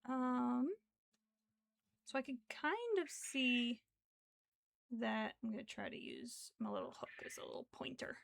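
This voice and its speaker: A woman livestreams her crocheting, meandering through casual talk packed with fillers while counting stitches half aloud. The voice is high-pitched, gravelly and a bit bright, recorded with no room sound.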